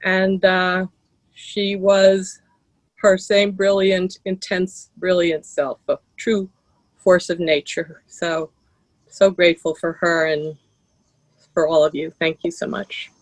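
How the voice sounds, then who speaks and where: A woman's voice: fairly low pitch, flat delivery, takes it slowly, no room sound, rough recording. A woman speaking as an old friend at an online memorial, telling casual stories over a video call. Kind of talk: casual storytelling remembrance.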